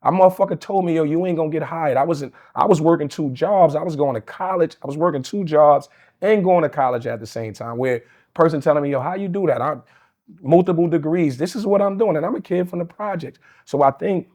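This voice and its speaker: A man's voice: fairly high pitch, a little mellow. A man, a union leader in a casual interview, blunt, profane and argumentative. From Queens, New York.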